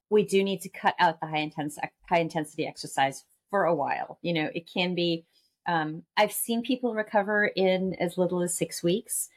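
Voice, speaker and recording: A woman speaking as a guest expert in a podcast conversation, explaining in a measured way with frequent fillers. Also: on the low side. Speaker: guest expert on missing periods.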